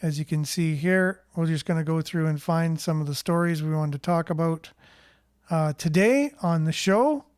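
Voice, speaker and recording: A man hosts a casual news roundup, his voice high and smooth. He talks in a relaxed, rambling way, reading out comments from viewers. The sound is close and dry. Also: normal speed, no room sound. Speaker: host of a local news show.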